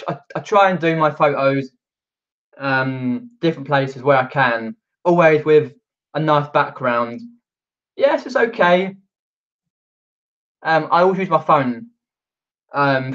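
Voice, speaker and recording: A man from just outside London, England, with a Mockney accent chats casually on a livestream, reading out viewer comments and rambling with lots of fillers. His voice is fairly high and fairly bright, and the recording sounds muffled.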